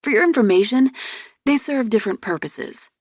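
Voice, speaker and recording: A woman's voice: a little high, expressive, moderate pace, dry recording, pitched above the performer's own voice. Female reader as a cheeky young prince who teases his sister; light touch, dry close mic. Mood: teasing. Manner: teasing, amused. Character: teasing young prince, her twin brother.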